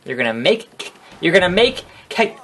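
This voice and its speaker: Young man, slightly high voice, casual let's-play commentary, rambling, sarcastic, swearing. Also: sing-song, normal speed, a bit bright. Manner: rambling, sarcastic, swears and trash-talks game characters. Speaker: gaming video host.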